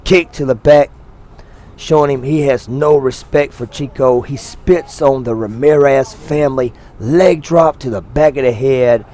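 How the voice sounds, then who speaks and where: A man calling a wrestling match with a slightly higher voice than most. He commentates in a jokey, excitable way, teasing the referee and the crowd between moves. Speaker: color commentator.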